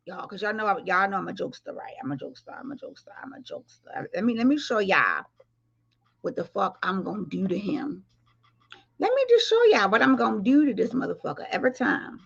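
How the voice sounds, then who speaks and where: A woman's voice: on the high side, creaky, fairly bright tone, slightly rough, dull audio. A woman hosting a live commentary stream, blunt and profane, joking as she reacts to clips.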